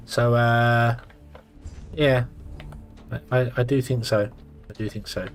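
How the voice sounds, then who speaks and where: A man's voice: medium pitch, fairly even intonation, a little slow, pauses often, faint music behind. A sleepy man casually commenting on his own gameplay, thinking aloud with lots of fillers. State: sleepy, yawning. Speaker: gameplay streamer.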